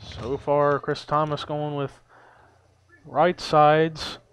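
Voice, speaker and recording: A young man giving amateur play-by-play commentary on a simulated race, steady and given to hedging. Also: fairly high pitch, drawn-out words, a little hiss or hum, poor audio. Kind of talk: amateur sim-racing commentary.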